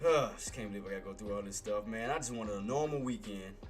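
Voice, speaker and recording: This day-trading livestream host talks fast in a lowish voice, with soft music playing behind him. His live market commentary is relaxed and full of slang, and he addresses viewers as "boss" and "man."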